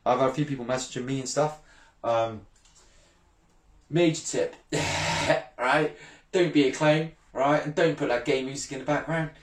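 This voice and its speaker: A man's voice: medium pitch, steady tone, moderate pace, reverberant. A brash man in his thirties, ranting bluntly and swearing freely in a casual vlog, often laughing. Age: 30s. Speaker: fishing channel vlogger.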